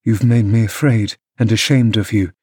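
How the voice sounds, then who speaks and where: A man reading an audiobook, voicing a meek young gentleman who speaks in a subdued, hurt way. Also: on the low side, fairly even intonation, normal speed, breathy edge, no room sound.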